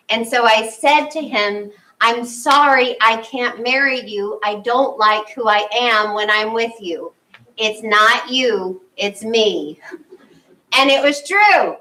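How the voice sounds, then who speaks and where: Woman spiritual leader, fairly high, bright voice; chatty sermon with acted-out asides, distant mic. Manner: animated, acts out her own inner thoughts. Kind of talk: conversational sermon.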